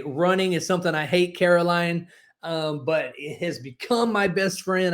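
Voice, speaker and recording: Motivational speaker, forties, male, folksy and persuasive, a bit high-pitched. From Oklahoma. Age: 40s. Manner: folksy storytelling, energetic and persuasive. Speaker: book publishing coach. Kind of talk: motivational webinar talk.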